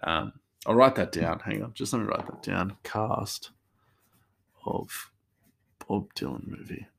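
Male podcast host, lowish voice, loose and chatty, drifts off on tangents. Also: a little slow, creaky, fairly bright tone, slight background noise. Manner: rambling, chatty, restarts, laughs easily. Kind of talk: casual solo podcast chat.

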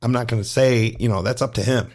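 A middle-aged man, a gymnastics coach co-hosting a podcast, telling lively stories in casual chat and acting out the voices of the people in them. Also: mid-range voice, fast talker. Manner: animated, acts out quoted voices in his stories.

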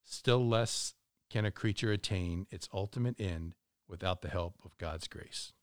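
A man with a fairly low voice reads a passage of religious teaching aloud for a podcast. His delivery is measured and deliberate. The recording is close and dry, with no room echo. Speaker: podcast reader. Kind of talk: reading a text aloud.

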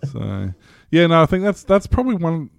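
A man's voice: a little high, big pitch swings, moderate pace, vocal fry, dry recording, studio quality. A man in casual chat, explaining things in a loose, rambling way.

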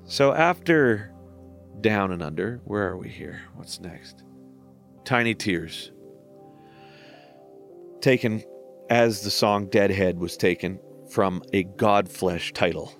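A man in his forties with a somewhat low voice, reflecting on his own music in a relaxed podcast monologue. He is candid and self-deprecating and swears casually. Faint music plays underneath. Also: slow pace, pauses often. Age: 40s. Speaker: musician talking through his own albums.

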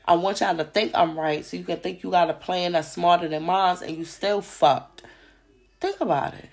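Fiery gravelly woman ranting on a podcast. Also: fairly low pitch, fairly even intonation, normal speed. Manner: profane, heated, repeats rhetorical questions. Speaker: podcast host. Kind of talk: ranting monologue.

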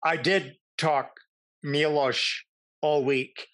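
Middle-aged male guest, animated anecdotal storyteller, dry recording. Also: fairly high pitch, drawn-out words, no echo. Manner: animated, self-amused anecdotes. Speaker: actor, podcast guest. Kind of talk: casual interview storytelling.

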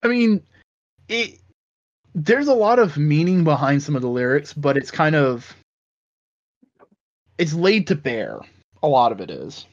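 A man's voice: a little high, big pitch swings, a little slow, long pauses. A man co-hosting a casual podcast, blunt and sweary, who often restarts his words. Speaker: podcast co-host. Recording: dull lo-fi sound.

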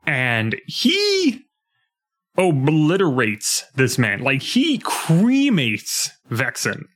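A young man in casual podcast chat about a game. He talks in an animated way, his voice leaping high when he acts out characters' lines. His pitch sits in the middle for a man. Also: slow. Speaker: podcast co-host.

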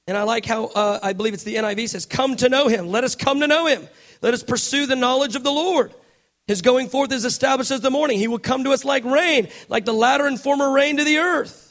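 A man preaching a passionate sermon, reading scripture aloud and building to fervent shouted emphasis. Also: very high voice.

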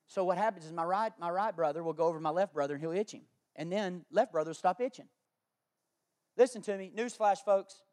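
High-voiced, folksy, emphatic pastor. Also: male voice, quick pace, hardly any pauses. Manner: emphatic and repetitive, building to loud declarations; folksy and conversational, with homespun analogies. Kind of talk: sermon.

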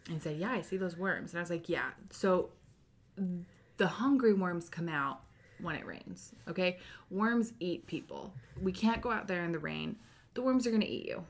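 Lively storytelling woman, lowish voice. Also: normal speed. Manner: animated storyteller, acts out quotes. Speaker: podcast co-host. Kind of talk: casual chat, storytelling.

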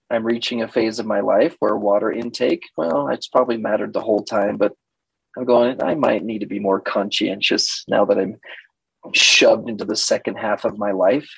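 A therapist in his fifties gives a teaching talk, animatedly acting out quoted exchanges. His medium-pitched voice has vocal fry and a breathy edge, captured in a rough recording without echo.

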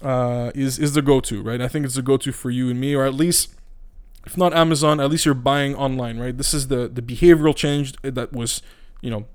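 A man's voice: medium pitch, fairly even intonation, fairly quick, darkish tone, clear, resonant tone. Profane, rambling podcaster man. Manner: profane, blunt and rambling, with many restarts. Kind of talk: casual ranting monologue. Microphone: podcast microphone.

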